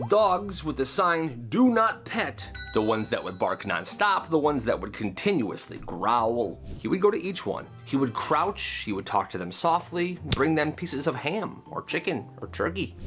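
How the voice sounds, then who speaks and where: Animated man telling funny stories. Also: on the high side. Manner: animated, emphatic storyteller with asides. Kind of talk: comedic storytime narration.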